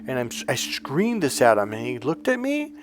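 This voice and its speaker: A man talking as a dating coach, telling a story to his viewers in a blunt, emphatic, profane way with sudden loud bursts. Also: mid-range voice, wildly swooping pitch, moderate pace, noisy background.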